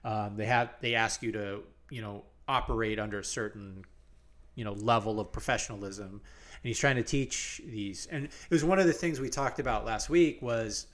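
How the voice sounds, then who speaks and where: A man co-hosting a sports podcast in a relaxed, rambling way, full of fillers and restarts. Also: fairly low pitch, normal speed. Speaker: podcast co-host. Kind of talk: casual sports chat.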